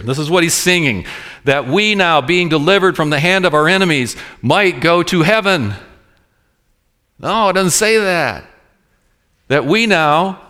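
A man preaching a sermon to a congregation, slowing down to stress key words and repeating his points. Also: medium pitch, a bit bright. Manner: preaching with sudden slowed emphasis and repeated phrases. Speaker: pastor. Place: church room with congregation.

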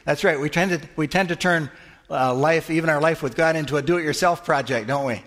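A man's voice: fairly high pitch, a little fast, fairly bright tone. A middle-aged male pastor giving a conversational sermon in a church, asking the congregation questions and answering them. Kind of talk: interactive sermon teaching.

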